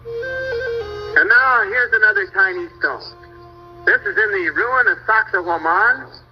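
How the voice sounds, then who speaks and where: An older man with a high voice narrates travel slides in a folksy, explaining way and now and then stumbles over place names. The recording is dull and lo-fi, with faint music underneath. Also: takes it slowly, slightly rough.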